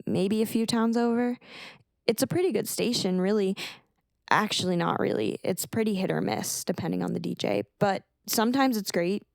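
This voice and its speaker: A woman's voice: medium pitch, normal speed, creaky, darkish tone, no echo, studio quality, close to an everyday voice. A woman voicing a nervous teenage girl who stammers and rambles on. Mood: rambling. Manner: stammering, talks on when nervous.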